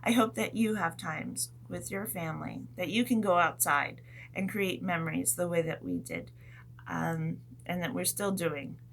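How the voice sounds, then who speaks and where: A woman teacher telling a story to young children in a gentle, animated way, adding sound effects as she goes. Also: fairly low pitch, a little slow, gravelly, a little hiss or hum.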